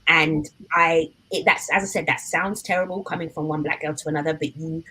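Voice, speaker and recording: A woman's voice: low-pitched, steady tone, a little fast, sharp tone, a little hiss or hum, poor audio. A woman hosting a casual book discussion, talking carefully and qualifying her points. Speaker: host.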